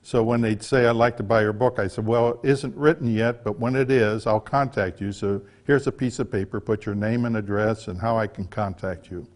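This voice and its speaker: Older male author, low-ish voice, folksy chatty storyteller. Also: fairly even intonation, moderate pace, few pauses, darkish tone. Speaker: author giving a talk. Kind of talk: casual storytelling talk.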